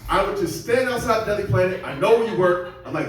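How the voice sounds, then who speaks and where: A man from the Seattle area does a rambling, self-deprecating stand-up set at a comedy club, putting on voices for the people he quotes. His voice sits high and he talks fast. The room is very echoey, the mic distant, with a little hiss or hum.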